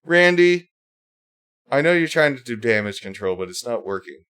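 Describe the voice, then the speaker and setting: A man's voice: fairly low pitch, lively intonation, quick pace, a bit bright. A man hosting a casual livestream, reading posts aloud and mocking them in a sarcastic, rambling way, with many fillers and restarts. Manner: sarcastic, reads posts aloud and mocks them in put-on whiny voices. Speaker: livestream host.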